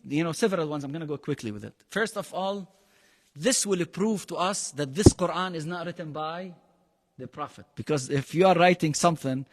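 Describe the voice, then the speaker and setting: A man with a fairly high voice teaches a Quran lesson in a large hall. He is emphatic, asks his class frequent questions, and works phrases into his English, his first language being Arabic.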